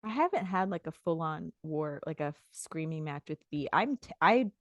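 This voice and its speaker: A woman co-hosting a casual podcast, telling animated stories and acting out her own outbursts. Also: sits low, normal speed, no room sound, lo-fi sound. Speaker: podcast co-host. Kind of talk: casual chat.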